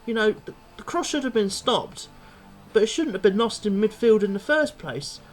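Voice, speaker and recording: After the match, a young male football vlogger vents his anger in a high-pitched, expressive voice at normal speed. His rant is blunt and heavy with profanity, and soft music plays in the background.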